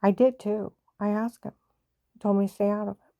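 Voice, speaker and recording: A woman's voice: mid-range voice, level tone, brisk, vocal fry, mellow, dry recording. An older woman tells a family story in a plain-spoken, repetitive way, sighing now and then. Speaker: mother telling a family story. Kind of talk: personal storytelling.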